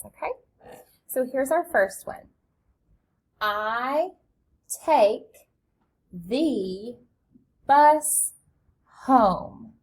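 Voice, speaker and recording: A woman's voice: a little high, slightly rough. A woman teacher giving a phonics lesson to young children, patient and encouraging as she reads along. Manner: slow, patient, encouraging delivery.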